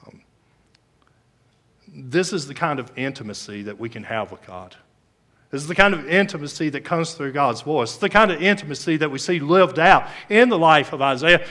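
A man with a slightly high voice preaching from the pulpit, moving between story and prayer. He pushes words out loudly for emphasis, then drops to near-quiet phrases, restarting lines and filling gaps with ums. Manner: swings between loud emphasis and soft, hushed phrases. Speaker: pastor.

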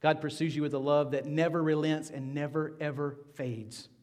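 A middle-aged male pastor delivers a sermon in a fairly high voice. He reads scripture with rising force, then sinks into quiet, hushed appeals to the congregation. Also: steady tone, moderate pace. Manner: earnest preaching, rising to loud scripture reading, dropping to soft hushed appeals.

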